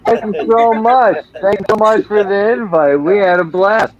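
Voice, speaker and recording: A man's voice: high-pitched, measured pace, a crowd in the background. A man appearing as a guest on a casual live stream, making dry, easygoing quips. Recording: dull lo-fi audio.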